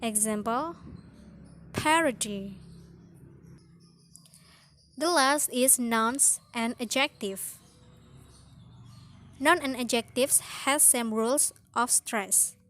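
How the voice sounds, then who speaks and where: Slow, careful woman teaching phonetics. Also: a little high, fairly bright tone. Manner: slow, careful reading of rules with drawn-out example words. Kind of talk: phonetics lesson.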